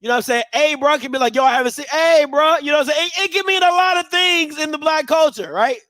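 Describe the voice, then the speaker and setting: A man hosting a show in casual commentary, animated and full of repeated catchphrases. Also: very high-pitched, very fast, no room sound. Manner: animated, repeats catchphrases, bursts into loud laughter. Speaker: show host.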